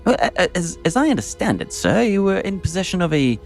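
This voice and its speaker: Man doing a posh stammering archaeologist, obsequious, lively pitch, faint music behind. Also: quick pace. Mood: ingratiating. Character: fussy, toadying archaeologist, man.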